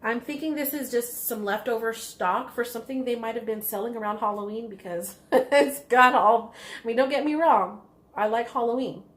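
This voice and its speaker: A woman hosting a knitting video podcast, chatting casually and excitedly about yarn, rambling with lots of ums and restarts. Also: a little high, normal speed. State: has the hiccups. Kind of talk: casual chatty show-and-tell.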